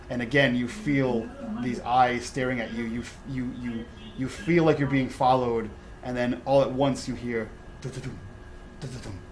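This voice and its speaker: A man's voice: medium pitch, slight background noise, rough recording. A man narrating a tabletop role-playing game as dungeon master, describing scenes with frequent restarts and fillers. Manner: descriptive, restarts often with uh and repeated words.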